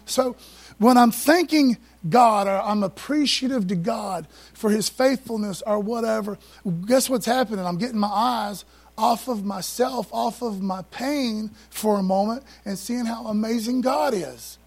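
A man preaching with a rather high, husky voice. He talks to his listeners in a loose, conversational way, dropping slang and asides between scripture readings. He gets excited and rushes ahead when fired up. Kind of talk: sermon.

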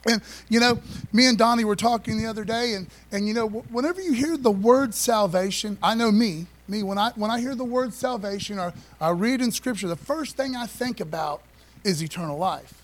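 Male pastor, high voice, easygoing preacher who talks to his congregation and asks for amens. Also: a little fast. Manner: folksy, call-and-response preaching with repeated phrases. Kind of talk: sermon. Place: church sanctuary.

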